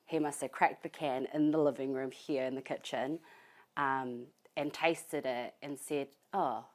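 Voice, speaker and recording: A young woman, grieving and giving an interview at her family home, speaking softly and haltingly with many pauses. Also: very deep voice, fairly even intonation. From New Zealand. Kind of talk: emotional interview testimony.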